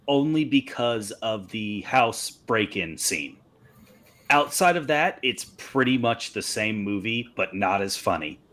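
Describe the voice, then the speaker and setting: A man's voice: mid-range voice, a bit bright. A man co-hosting a casual movie podcast, laid-back and wry. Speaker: podcast co-host.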